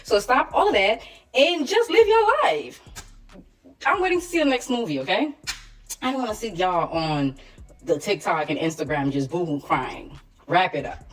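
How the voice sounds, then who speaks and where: A woman's voice: medium pitch, animated, moderate pace, far from the mic. A woman giving casual opinions in a sassy, teasing way, laughing often. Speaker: commentator.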